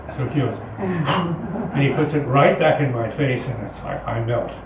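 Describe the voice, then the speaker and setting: Man, mid-pitched voice, earnest rambling storyteller, frequent restarts, distant mic, echoey hall, background hiss. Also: lively intonation, measured pace, vocal fry. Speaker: guest speaker at a spiritual center. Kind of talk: personal storytelling talk. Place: meeting hall, indoors.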